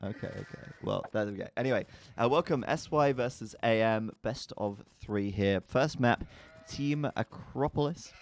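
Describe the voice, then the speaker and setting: A man's voice: medium pitch, expressive, moderate pace, hardly any pauses, a little hiss or hum. A man casting a strategy game match in a casual, joking way, sometimes stumbling over names. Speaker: esports commentator.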